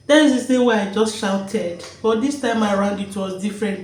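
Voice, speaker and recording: A woman talks straight to her camera at home, overflowing with joy and circling back over the same words. Her voice sits at an everyday middle pitch. The room around her rings with a clear echo. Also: darkish tone, a little hiss or hum. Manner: joyful and emotional, repeats phrases. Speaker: vlogger. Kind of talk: emotional personal vlog. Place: home, indoors.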